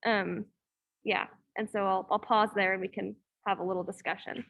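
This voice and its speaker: A woman's voice: medium pitch, level tone, normal speed, creaky, a bit bright. Young woman student, hesitant and chatty. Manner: hesitant, many ums and likes. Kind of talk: class discussion presentation. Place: room in a campus hall, echoey.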